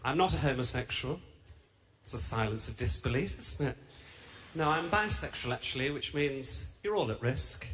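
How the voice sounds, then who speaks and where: Man, young, Birmingham accent, stand-up comic, camp, self-mocking, lively voice, noisy live mic. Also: mid-range voice, normal speed. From England. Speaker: stand-up comedian. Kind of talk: stand-up routine. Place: large theatre stage. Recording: live stage mic with heavy noise.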